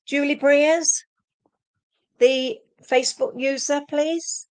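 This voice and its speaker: Slow-spoken woman medium. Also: sits high, steady tone. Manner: addresses viewers as sweetheart, relays spirit messages. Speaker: psychic medium. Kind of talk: live-streamed card reading.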